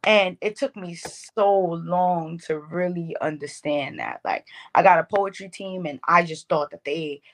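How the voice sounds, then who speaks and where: A woman's voice: fairly low pitch, measured pace, hardly any pauses. A woman poet in a casual interview, talking in a heartfelt, rambling way with many fillers. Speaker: poet guest.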